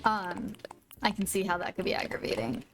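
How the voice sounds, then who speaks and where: A woman's voice: medium pitch, expressive, a little fast, background noise. A woman live-streaming a video game, chatting casually with viewers and gushing over her pets. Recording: faint music behind.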